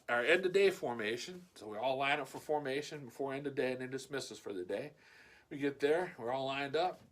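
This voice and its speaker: A man casually telling a story in his vlog, animated and swearing freely. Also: a little high, slight background noise.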